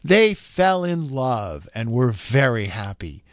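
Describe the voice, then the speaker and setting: A man reading a children's tale aloud as narrator, in an expressive, measured way. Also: medium pitch, no echo, clean studio sound. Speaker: storyteller. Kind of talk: scripted narration.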